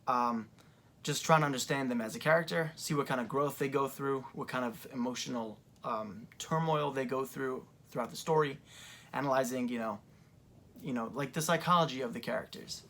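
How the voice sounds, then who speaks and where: A man's voice: mid-range voice, a bit bright. Young man rambling through a casual recap. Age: young adult. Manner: rambling, filler-heavy retelling. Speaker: wrestling fan reviewer. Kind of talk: casual commentary vlog. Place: seated in a creaky chair.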